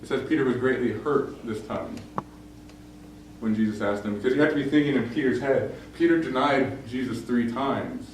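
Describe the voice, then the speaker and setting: A man's voice: medium pitch, normal speed. A young man preaching a casual sermon, telling a story with lots of fillers and acting out the quoted lines. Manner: conversational, many fillers, acts out quoted lines. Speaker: pastor. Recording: very echoey room, distant mic, faint noise.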